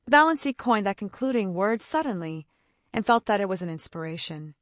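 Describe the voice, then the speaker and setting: A woman narrating an audiobook in an expressive storytelling style. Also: mid-range voice, a little fast, no echo, studio quality. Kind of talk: scripted narration.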